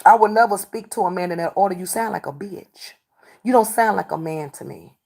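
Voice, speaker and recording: Woman, livestreamer, confrontational, repetitive, scolding chat, mid pitch. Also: fairly quick, vocal fry, a little mellow. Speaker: livestreamer doing readings.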